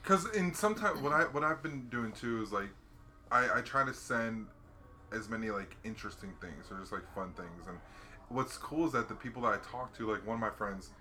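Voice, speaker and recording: Bright-voiced man telling stories. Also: on the low side, a little fast. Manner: animated storyteller, acts out callers with a raised voice. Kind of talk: casual chat.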